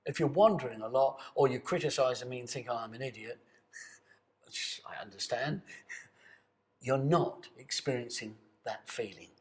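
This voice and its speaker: An older man working as a voice coach, seated and leading a guided voice exercise to camera. He coaxes the listener along and swings between soft, hushed asides and bold, sustained tones. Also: mid-range voice, moderate pace. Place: seated indoors.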